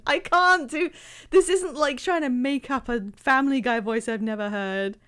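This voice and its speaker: A woman streamer talks casually to her live chat while she plays. Her voice is slightly high and bounces all over the place. She speaks slowly, laughs often and makes fun of herself. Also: expressive, a bit bright, smooth. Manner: chatty, laughs often, self-deprecating.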